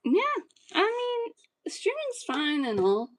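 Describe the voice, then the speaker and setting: Slow-talking Southern woman. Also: very high-pitched. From Georgia, US. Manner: relaxed, rambling, self-deprecating and joking. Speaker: streamer and vlogger. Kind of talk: casual chat while woodworking.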